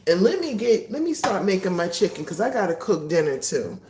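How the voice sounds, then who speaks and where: A woman's voice: lowish voice, very animated, fairly quick, echoey room, recorded from a distance, background noise. A woman hosting a casual livestream from her kitchen, chatting animatedly and greeting her viewers. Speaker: livestream host. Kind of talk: casual chat. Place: home kitchen.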